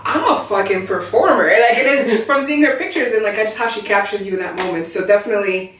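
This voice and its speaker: An earnest, animated woman poet chatting as an interview guest in an art gallery. Her voice is mid-pitched and carries a strong room echo. She is picked up from some distance. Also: fast. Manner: animated, laughs easily, earnest. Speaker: poet and performer. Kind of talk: casual interview chat.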